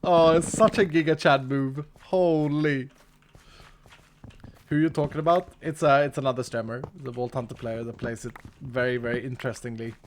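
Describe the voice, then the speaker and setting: A man's voice: mid-range voice, fairly even intonation, normal speed, a little hiss or hum. A man streaming a game live, thinking aloud and answering his chat in easy commentary. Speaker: streamer playing a modded block game.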